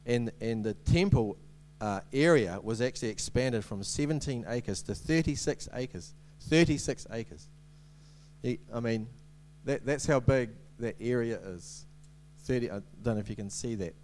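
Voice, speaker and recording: A man's voice: medium pitch, a little slow, darkish tone, a little hiss or hum. A man giving a sermon as a preacher, in a conversational way with many ums and restarts and light humorous asides.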